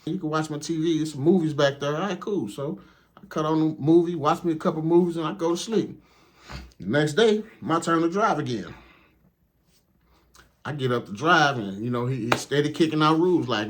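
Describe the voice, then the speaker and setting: A man's voice: on the high side, a little fast. Profane, laid-back male storyteller. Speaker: truck driver. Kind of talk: casual comedic storytelling.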